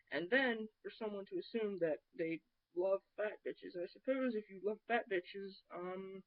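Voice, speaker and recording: A woman vlogger rants in a sarcastic, cutting way, blunt and unafraid to swear. Her voice sits at an ordinary middle pitch. The sound is dull and lo-fi, like a cheap home recording. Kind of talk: ranting vlog monologue.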